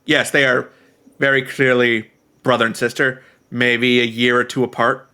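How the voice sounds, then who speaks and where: Gravelly, bright-voiced male game master. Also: mid-range voice, little pitch movement, moderate pace. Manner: hesitant, filler-heavy. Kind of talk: casual game narration.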